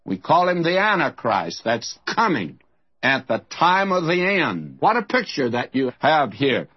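A man giving expository Bible teaching in an earnest way, slowing down and turning solemn when he reads scripture aloud. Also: a little high, very animated, breathy edge. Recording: dull lo-fi recording.

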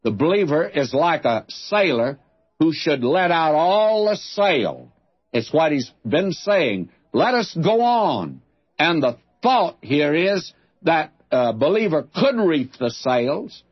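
Slow, husky-voiced male Bible teacher. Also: a little high, big pitch swings, muffled recording. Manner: deliberate, emphatic, repeats key phrases. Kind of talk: verse-by-verse Bible teaching sermon.

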